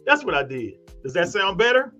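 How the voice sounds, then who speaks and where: A man's voice: high voice, big pitch swings, brisk, highs cut off, over music. A man arguing defensively on a live panel show, acting out his own lines in quotes. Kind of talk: heated panel debate.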